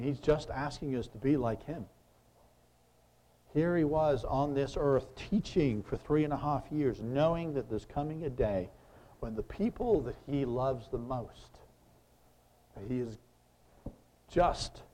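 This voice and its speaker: A man's voice: medium pitch, warm tone. A man preaching a conversational sermon, reading scripture and asking his listeners questions. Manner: conversational, asks the audience questions.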